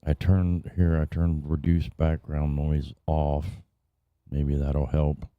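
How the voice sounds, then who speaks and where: A man's voice: rumbling low, completely flat delivery, slow, dry recording. A man hosting a live stream in casual chat, frustrated and cursing often as he talks. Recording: dry, tinny phone-like sound.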